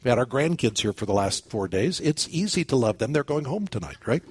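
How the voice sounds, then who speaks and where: A man's voice: medium pitch, big pitch swings, fairly quick, a little mellow, slight background noise. An older man, a pastor, preaching a sermon and telling a story with quoted dialogue and repeated phrases.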